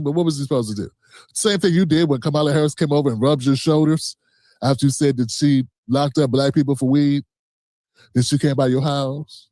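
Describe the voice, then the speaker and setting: A man's voice: a little high, a little mellow, no room sound, studio quality. A man streaming a reaction, talking back to a clip in a combative, profane, mocking way. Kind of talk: heated reaction commentary.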